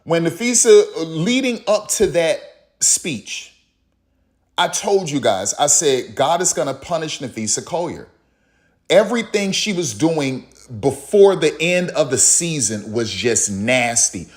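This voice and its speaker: A man's voice: on the high side, very animated, measured pace. Heated man ranting about sports. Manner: heated, repetitive, emphatic, acts out others in quotes. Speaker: commentary channel host. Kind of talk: opinionated sports commentary monologue.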